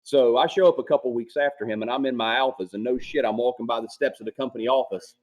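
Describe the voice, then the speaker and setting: A man, a former Marine sergeant, telling profane, animated stories from his service days. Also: medium pitch, quick pace, highs cut off. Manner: profane, animated war storytelling. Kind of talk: casual storytelling.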